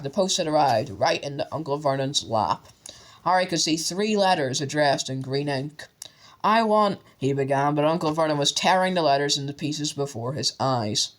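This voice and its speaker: A man narrating an audiobook with steady storytelling. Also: on the high side.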